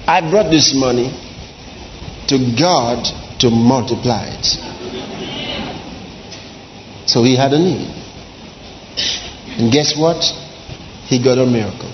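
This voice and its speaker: A male pastor preaching a sermon, dramatic, swinging between soft drawn-out lines and shouts. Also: medium pitch, slight background noise. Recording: dull lo-fi sound in a large reverberant hall.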